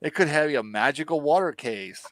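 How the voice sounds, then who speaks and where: A man's voice: on the high side, lively intonation, normal speed, fairly bright tone, a little hiss or hum. A man co-hosting a casual review podcast, retelling scenes in an exasperated, profane way with lots of fillers. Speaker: podcast co-host.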